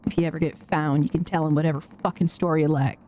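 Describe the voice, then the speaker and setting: A woman voicing a bitter, weary old male ship mechanic in a low, grim, resigned drawl while reading game dialogue aloud. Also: fairly even intonation, quick pace, dark tone, a little hiss or hum, lightly acted. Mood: grim resignation.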